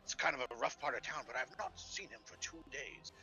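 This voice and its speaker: A man's voice: medium pitch, fairly quick, pushed and bright, muffled recording, pitched above the performer's own voice. A man voicing a pompous, boastful male wizard author with a grandiose, self-admiring manner. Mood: genial.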